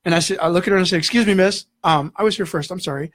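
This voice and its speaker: A man, a guest in an interview, telling a story in an animated way and acting out the voices in it. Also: sits high, very fast, no echo, clean studio sound. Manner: animated, acts out dialogue in the story.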